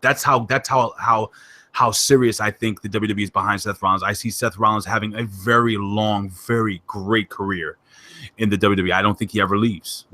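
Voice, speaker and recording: A man hosting a wrestling podcast in casual chat, excitable and emphatic, joking as he talks. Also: lowish voice, normal speed. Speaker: podcast host.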